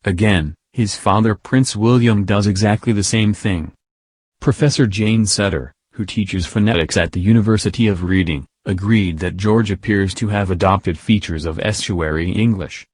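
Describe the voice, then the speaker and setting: A man narrates a news piece in a lowish voice. His delivery is steady and read-aloud. The recording is dry, with no room sound. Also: normal speed, no echo.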